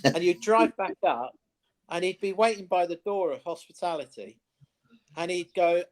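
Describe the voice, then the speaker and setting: A man co-hosting a sports chat show, telling anecdotes in a lively, casual way. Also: high voice, normal speed. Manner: animated anecdote-telling, mimics voices in quotes. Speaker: co-host. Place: studio.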